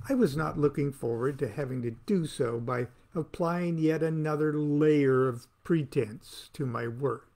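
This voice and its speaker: A man's voice: fairly high pitch, a little slow, gravelly, hardly any pauses, darkish tone. A man reading aloud from his own book, with a wry, theatrical delivery that plays to the listener.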